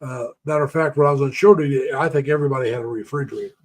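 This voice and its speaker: A man's voice: mid-range voice, very fast. Older man rambling through folksy stories. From United States. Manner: rambling, folksy storytelling, greeting viewers by name. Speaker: live-stream host. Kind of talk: casual live-stream chat.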